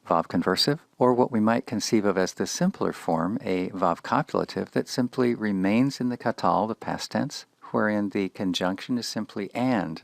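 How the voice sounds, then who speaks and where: A man teaching Biblical Hebrew grammar in a scripted lecture, speaking in a measured, deliberate way with precise enunciation. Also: lowish voice, vocal fry, no room sound.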